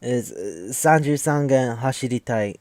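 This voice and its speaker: A man's voice: medium pitch, lively intonation, measured pace, a little mellow, dry recording. A man hosting a podcast, giving a casual, rambling, profane recap of an anime with wry asides. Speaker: podcast host.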